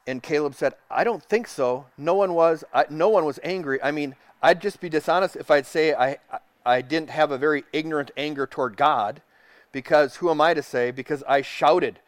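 Pastor preaching with a dry close sound. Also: male voice, on the high side, moderate pace, dry recording. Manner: reads quotes aloud, drops to a soft hush for tender passages. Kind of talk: sermon.

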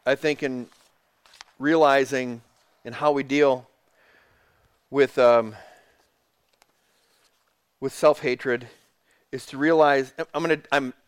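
A man's voice: mid-range voice, no room sound. A man preaching a sermon, earnest and emphatic, repeating phrases and restarting mid-thought. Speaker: pastor.

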